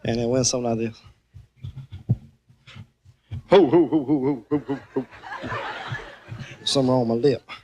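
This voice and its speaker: A man doing a deep, drawling, mumbling impression of a winded 1950s rock singer on a TV stage. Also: fast, mellow, close to an everyday voice. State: out of breath. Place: TV studio stage. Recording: old TV broadcast with a live band. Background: live band music.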